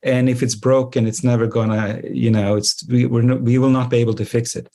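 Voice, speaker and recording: A man's voice: medium pitch, flat delivery, a little fast, mellow. A man on a webinar panel, speaking earnestly and emphatically as he explains ideas over a video call. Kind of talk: conversational panel discussion.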